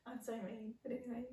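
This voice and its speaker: A middle-aged woman co-hosting a casual podcast, telling lively stories and acting out the voices of the people in them. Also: fairly high pitch. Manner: animated storyteller, acts out voices, laughs often. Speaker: podcast co-host. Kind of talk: casual chat. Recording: echoey room, far from mic.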